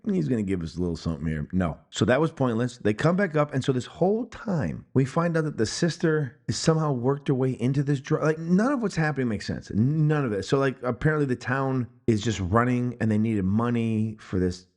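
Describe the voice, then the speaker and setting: Male podcast co-host, lively pitch, profane and sarcastic movie-review banter. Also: fairly quick, hardly any pauses. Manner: profane, animated, mocking rants. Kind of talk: casual film-review banter. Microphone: headphones and studio mic.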